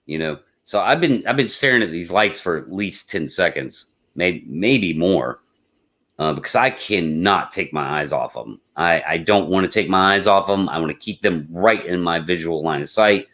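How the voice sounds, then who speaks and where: A man with a fairly low voice tells a story to his live stream audience. He rambles in a casual way, gets excitable and repeats words as he goes. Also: normal speed. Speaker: podcast host.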